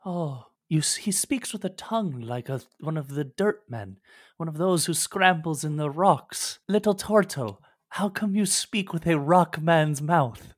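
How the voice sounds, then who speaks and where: A man's voice: fairly high pitch, expressive, unhurried, pitched above the performer's own voice. A man voicing a lost and fretful woman from under the sea in a tabletop game, speaking in a lamenting, effusive way. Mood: puzzled.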